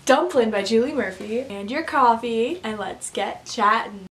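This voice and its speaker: A woman's voice: a little high, lively intonation, a little slow, rough recording. A young woman vlogging casually about a book and its film, chatty and giggly with lots of fillers. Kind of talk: casual chat to camera.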